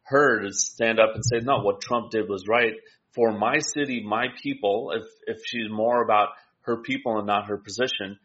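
A man's voice: on the low side, steady tone, normal speed, a bit bright, muffled recording, a little hiss or hum. A man co-hosting a political talk show, explaining his views steadily and often ending with a tag question. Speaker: co-host.

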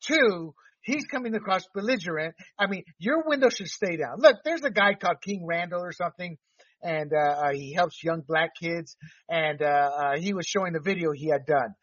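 A man's voice: a little high, animated, normal speed, fairly bright tone, dry recording, recorded from a distance, highs cut off. A man hosting a casual panel talk, giving blunt opinions and mocking people with put-on voices. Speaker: show host.

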